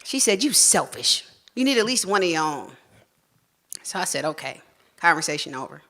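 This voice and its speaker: Woman storyteller, bright sharp voice, salty and frank, jumps up high doing her family's voices. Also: big pitch swings, moderate pace. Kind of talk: live stage storytelling. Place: stage at a live storytelling show.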